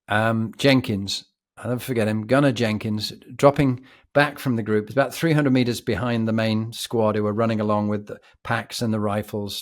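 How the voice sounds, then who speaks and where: Posh British man telling stories. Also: fairly low pitch. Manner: reflective, vivid, animated storyteller. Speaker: podcast guest. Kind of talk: anecdotal storytelling.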